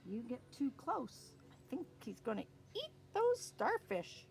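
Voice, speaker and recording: A Canadian woman reads a picture book to little children, drawing out her words slowly. Her voice sits fairly high and swoops up and down in a sing-song way as she points things out on the page. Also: vocal fry. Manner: slow, sing-song and expressive, talking to kids. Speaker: early years storyteller. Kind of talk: reading a picture book aloud to young children.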